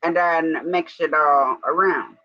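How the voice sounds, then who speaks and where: A woman's voice: sits low, slow pace, no room sound. A woman co-hosting a live stream in a casual, rambling chat, breaking off now and then to give commands to her dog. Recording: dull lo-fi stream audio.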